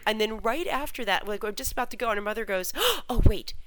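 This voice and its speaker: A woman's voice: medium pitch, fast, a little hiss or hum, poor audio. A woman telling a story in casual podcast chat, acting out the voices of the people in it. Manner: animated, acts out quoted voices. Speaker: fan website host.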